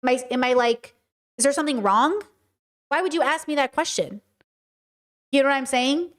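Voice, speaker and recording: Woman livestream commentator, high voice, stern and direct, reads out chat and answers it. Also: moderate pace. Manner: passionate, direct, animated argument. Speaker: streamer and commentator.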